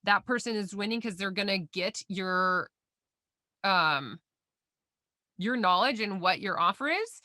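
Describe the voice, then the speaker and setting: Bright, upbeat woman podcast host. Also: medium pitch, expressive, unhurried, pauses often, no echo, clean studio sound. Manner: upbeat, chatty, encouraging. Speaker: podcast host and sales coach. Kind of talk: solo podcast monologue.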